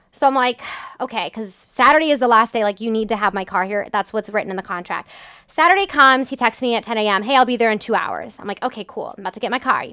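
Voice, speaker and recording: A woman's voice: high-pitched, clean tone, no echo, clean studio sound. A young adult woman hosting a podcast, telling a story in a casual, exasperated way with lots of filler words. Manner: exasperated, animated retelling with many "like" fillers. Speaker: podcast host.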